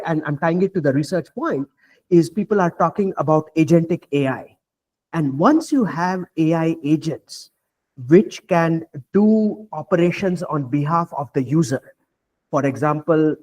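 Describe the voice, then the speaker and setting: A man speaking as a panelist at a virtual roundtable, explaining AI safety in a measured way with many fillers and restarts. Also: on the high side, a little mellow. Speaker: panelist, AI researcher. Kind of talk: panel discussion remarks. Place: virtual roundtable, video call.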